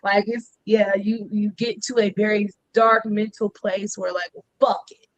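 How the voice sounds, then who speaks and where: A woman's voice: mid-range voice, little pitch movement, measured pace, muffled recording. A woman co-hosting a casual gossip podcast, blunt and profane as she rants. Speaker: podcast co-host.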